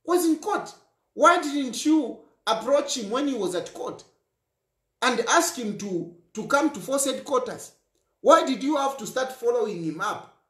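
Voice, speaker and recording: A man's voice: extremely high pitch, expressive, unhurried, fairly bright tone, reverberant. A man from Zambia, speaking to camera in emphatic political commentary, repeating himself and firing rhetorical questions.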